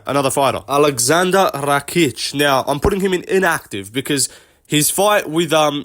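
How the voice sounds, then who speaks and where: A young man giving casual commentary on a tier list, rambling, thinking out loud and swearing often. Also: fairly high pitch. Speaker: host, MMA commentator.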